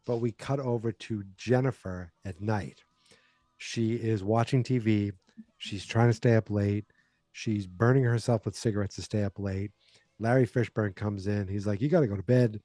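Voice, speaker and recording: Male podcast host, relaxed and dark-toned, rambling chatty recap, dry booth sound. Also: lowish voice, moderate pace, no echo. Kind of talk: casual movie recap.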